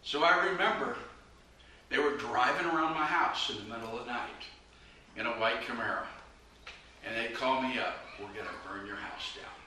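An earnest, urgent man preaches his testimony in a very bright, forceful voice. He sounds set back from the mic in a hall that echoes heavily, with a little noise underneath. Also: medium pitch, normal speed. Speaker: evangelist preacher. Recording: very echoey room, mic far off, faint noise.

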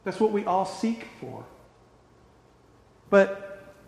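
Male preacher, high-pitched, impassioned delivery that dips to near-whispers, roomy reverberant hall. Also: big pitch swings, extremely slow, vocal fry. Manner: passionate, swings between loud emphasis and hushed tones. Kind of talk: sermon. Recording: echoey hall.

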